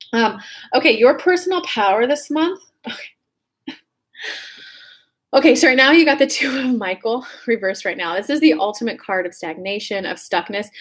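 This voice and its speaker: Chatty, frank woman tarot reader. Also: a little high. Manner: chatty, frank, swears, many fillers. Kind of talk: casual spoken horoscope reading.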